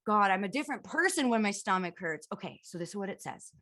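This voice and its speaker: A woman guest telling a story in casual comedic chat, animated, self-mocking and swearing freely. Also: medium pitch, a little fast. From Canada. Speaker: podcast guest.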